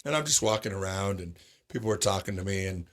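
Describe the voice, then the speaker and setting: A man's voice: low-pitched, quick pace. A middle-aged man from Sacramento who owns roller rinks, telling stories in a casual chat and acting out the voices of the people he quotes. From Sacramento, California. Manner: animated, acts out quoted voices. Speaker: roller rink owner, podcast guest.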